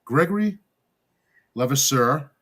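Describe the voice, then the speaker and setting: A man's voice: mid-range voice, lively intonation, takes it slowly, a bit bright. A man co-hosting a horror movie podcast, reading a film's synopsis and credits aloud in a casual chat and stumbling over names. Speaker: podcast co-host.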